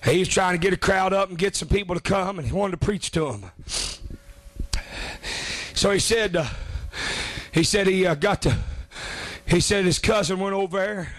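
A man's voice: high-pitched, moderate pace, long pauses. A man preaching a revival sermon, chanting with a gasped "uh" before each phrase.

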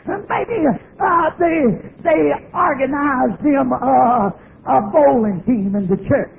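A man preaching a revival sermon in a sobbing, shouting cadence, heard through a thin, tinny recording. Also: extremely high pitch, takes it slowly, creaky, a little hiss or hum. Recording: tinny phone-like old recording.

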